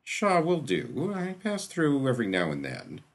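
A man's voice: mid-range voice, huge pitch swings, a little slow, gravelly, voice pushed up, heavily acted. A man voicing a dry, pompous physician who speaks in a precise, wordy, drawling way. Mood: dry, unruffled. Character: dry, pompous middle-aged male physician.

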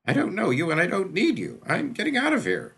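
A man's voice: fairly high pitch, wildly swooping pitch, unhurried, vocal fry, a bit bright, slightly rough, voice pushed up, heavily acted. A man voicing a fourteen-year-old boy on the run, who talks in a tense, snarling, whiny way. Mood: desperate defiant. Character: jumpy teenage boy on the run, defiant.

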